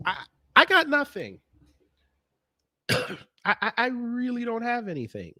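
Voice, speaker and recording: A man's voice: extremely high pitch, wildly swooping pitch, measured pace, pushed and bright, no echo, clean studio sound. A man reacting to clips in casual commentary, sarcastic and exasperated, stammering through restarts. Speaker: commentary vlogger.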